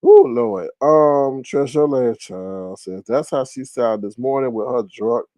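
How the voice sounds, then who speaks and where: A man in a lively, casual livestream chat, his fairly high voice swinging up and down as he reads out viewer comments. The sound is dry and close with no room around it. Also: dry recording. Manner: animated, chatty, reads viewer comments aloud. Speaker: livestream host. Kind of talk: casual live-stream commentary.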